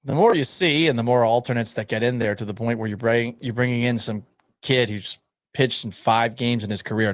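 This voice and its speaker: A man hosts a sports radio show while nursing a sore, swollen throat. He talks low and subdued, almost monotone, with dry humor. The studio sound is close and dry, with a mid-pitched voice. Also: no echo. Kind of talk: sports talk radio monologue.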